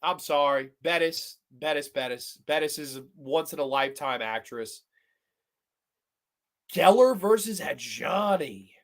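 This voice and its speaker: Excitable, profane male stream host. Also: fairly high pitch, unhurried. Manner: profane, excitable, agonizing aloud over picks. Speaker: podcast host. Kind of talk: live-stream chat with viewers.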